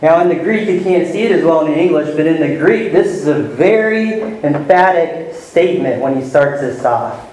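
A man's voice: fairly high pitch, lively intonation, normal speed, a little mellow, slight background noise. Man preaching in a very echoey room. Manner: teaching verse by verse, stressing words with rising emphasis. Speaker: pastor. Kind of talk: sermon. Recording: very echoey room with faint ambience.

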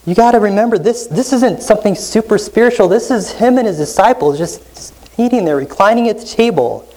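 Male pastor for a teaching sermon: steady explanatory delivery, keeps checking in with the room through rhetorical questions, reads scripture aloud. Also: high voice, brisk, low-quality recording. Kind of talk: expository sermon.

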